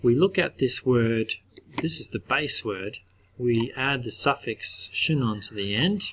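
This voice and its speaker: A patient middle-aged man teaching a spelling lesson to young pupils. He draws words out slowly and says them again and again so every vowel can be heard. His voice sits at an ordinary mid pitch. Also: animated, fairly bright tone, a little hiss or hum, poor audio. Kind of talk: recorded spelling lesson for children.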